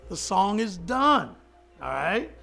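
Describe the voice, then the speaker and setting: Gravelly man telling an animated story. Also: slow, soft background music. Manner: acts out quotes in a higher voice, laughs often. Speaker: hip-hop producer telling a studio story. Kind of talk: animated storytelling in an interview clip.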